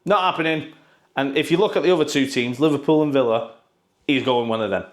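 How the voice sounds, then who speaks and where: A man's voice: mid-range voice, brisk. A man giving casual, sarcastic football news commentary, full of swearing and mocking asides.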